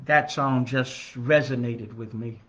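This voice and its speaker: A man, a minister, giving an earnest Bible study lesson in a church, measured and building emphasis on key phrases. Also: mid-range voice, fairly even intonation, a bit bright. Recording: dull lo-fi recording.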